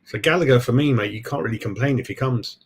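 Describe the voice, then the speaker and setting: A man's voice: medium pitch, fast, a little hiss or hum. A chatty man in the middle of a casual live stream, talking in a mid-range voice. He rambles through his thoughts, answers viewers as he goes, and throws in "mate" every few lines. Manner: chatty, keeps saying "mate". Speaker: football fan channel host.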